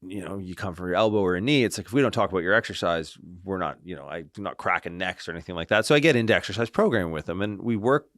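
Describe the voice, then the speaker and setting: A man guesting on a podcast as a clinician, telling stories in an animated, casual way that often checks in with "right?" and swears freely. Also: sits low, fast talker, few pauses, no room sound, clean studio sound. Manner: animated, tags lines with "right?" and "like". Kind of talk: casual interview storytelling.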